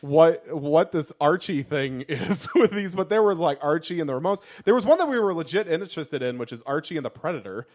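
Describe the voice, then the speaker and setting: A man's voice: fairly high pitch, animated, brisk, hardly any pauses, darkish tone. A young man co-hosting a casual podcast, rambling with profane, laughing enthusiasm. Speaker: podcast co-host. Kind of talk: casual comedic chat.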